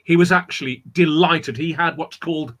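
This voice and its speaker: A man's voice: fairly high pitch, moderate pace. A man telling a dramatic folk tale as a guest storyteller, acting out the characters' voices. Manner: animated, acts out characters' voices.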